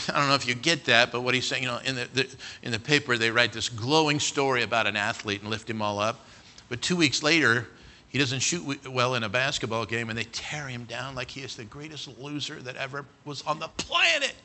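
Middle-aged man, pastor, storytelling sermon delivery, sharp and very bright tone, mid-range voice. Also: mid-range voice, brisk. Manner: storytelling, swings from quiet asides to loud near-shouts.

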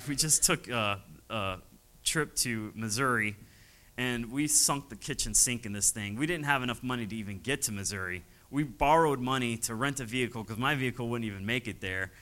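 A man's voice: mid-range voice, normal speed, pushed and bright, low-quality recording. A man, a missionary pastor, telling his story from the pulpit, chuckling often and acting out the voices of people he quotes. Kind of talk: testimony from the pulpit.

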